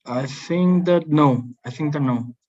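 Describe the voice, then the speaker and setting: Hesitant man learning English, slow. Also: on the high side, darkish tone, dull audio. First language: Spanish. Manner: hesitant, thinking aloud. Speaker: student.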